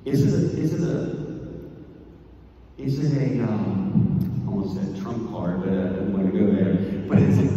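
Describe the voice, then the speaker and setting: A man's voice: fairly low pitch, very animated, moderate pace, dark tone, a little hiss or hum. A man, teaching a parish class in a conversational way and often asking "right?". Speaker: Catholic priest teaching. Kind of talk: parish talk on faith and citizenship. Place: church hall. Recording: distant mic in an echoey church hall, dull.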